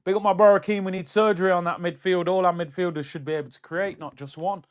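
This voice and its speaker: A man hosting a casual football livestream, talking in an animated, chatty way and answering comments from his chat. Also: high voice, quick pace, clean tone, highs cut off. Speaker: football streamer.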